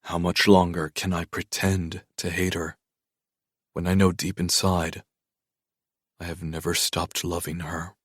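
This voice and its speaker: Male audiobook narrator, deep and even, dry close-miked studio read. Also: unhurried, long pauses, breathy edge, no room sound. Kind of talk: first-person audiobook narration.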